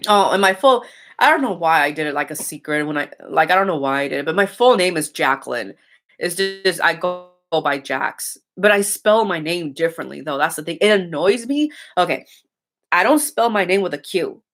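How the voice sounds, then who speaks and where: A woman's voice: on the low side, expressive, normal speed, a bit bright. Blunt, rambling young woman. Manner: blunt, swears freely, rambling with restarts. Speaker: streamer chatting with viewers. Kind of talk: casual chat.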